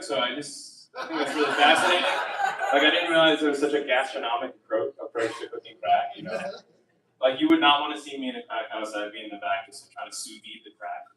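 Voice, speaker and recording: A man doing a rambling open-mic stand-up set, full of fillers and chuckling at his own jokes. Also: on the high side. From United States. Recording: roomy venue heard from a distance.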